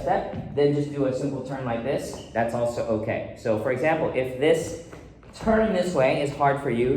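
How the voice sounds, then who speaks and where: A man's voice: mid-range voice, a little mellow. A man teaching dance choreography, counting beats and calling out steps in rhythm. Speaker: dance instructor. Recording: echoey room with faint noise.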